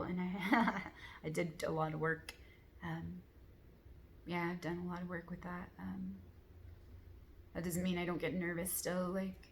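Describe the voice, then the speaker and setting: A woman speaking in a soft, earnest, rambling way, full of casual fillers, sharing reflections in a relaxed monologue. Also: medium pitch, gravelly, slight background noise. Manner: soft, rambling, many "like" fillers, gentle laughs; earnest, affirming. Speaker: spiritual vlogger.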